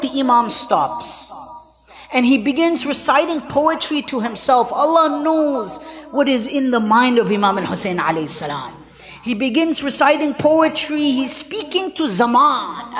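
A woman telling a mournful religious story as a sermon, with an emotional delivery that moves between raised and hushed tones. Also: high voice. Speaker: religious speaker at a mourning gathering. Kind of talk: lamenting sermon narration.

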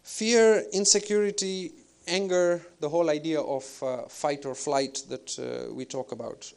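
A man giving an Islamic spiritual lecture in a measured, reflective way, pausing with fillers as he thinks. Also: on the high side, fairly even intonation, creaky, darkish tone, smooth. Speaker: Islamic preacher.

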